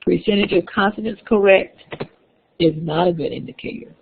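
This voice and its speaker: A woman's voice: lowish voice, normal speed, vocal fry, slightly rough. A woman instructor giving a classroom lecture, explaining step by step with frequent restarts and fillers. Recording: tinny phone-like lecture recording.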